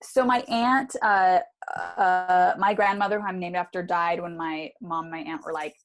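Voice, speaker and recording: A woman with a lowish voice co-hosting a relaxed podcast conversation. She tells stories with animation, sprinkling in ums and likes. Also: moderate pace. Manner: animated storytelling with fillers and laughs. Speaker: podcast co-host. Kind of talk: casual chat.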